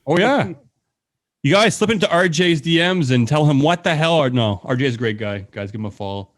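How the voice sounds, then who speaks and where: A man's voice: a little high, lively intonation, fairly quick. Canadian man hosting a trivia quiz. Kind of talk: casual profane banter, reading questions slowly.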